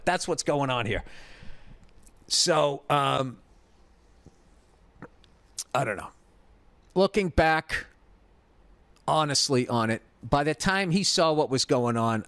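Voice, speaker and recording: A man's voice: a little high, no echo. A middle-aged man with a Boston accent tells a story in a casual, profane rant, quoting other people as he goes. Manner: profane, ranting, animated retelling with acted quotes. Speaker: podcast host.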